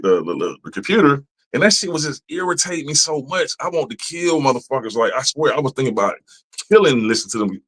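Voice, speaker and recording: A man's voice: mid-range voice, fairly bright tone, rough recording. A man hosting a podcast, talking in a loose, profane, rambling way and sometimes mimicking other people's voices. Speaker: podcast host. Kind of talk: casual monologue.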